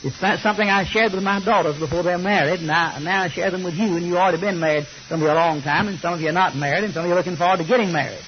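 Brief: older man preaching, joking storyteller, higher voice, muffled lo-fi recording. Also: very fast, hardly any pauses. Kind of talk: sermon. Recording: slightly muffled recording with faint hiss.

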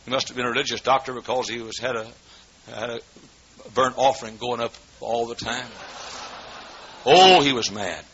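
A man preaching a sermon as pastor in a church, swinging between shouted fervor and hushed storytelling. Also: mid-range voice, normal speed, pauses often. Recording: dull lo-fi recording with faint noise.

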